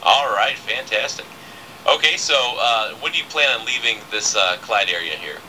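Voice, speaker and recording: A man's voice: medium pitch, expressive, moderate pace, sharp tone, slight background noise, low-quality recording. A man hosting a casual radio interview, chatty, with many fillers and restarts. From southern United States. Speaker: radio host.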